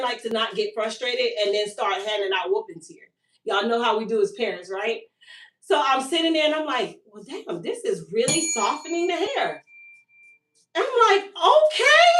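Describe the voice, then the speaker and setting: A woman, hosting a live stream for her hair care business and telling a long-winded, animated story about her toddler. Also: high-pitched, distant mic. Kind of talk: casual live-stream sales chat. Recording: echoey room, voice a bit off-mic.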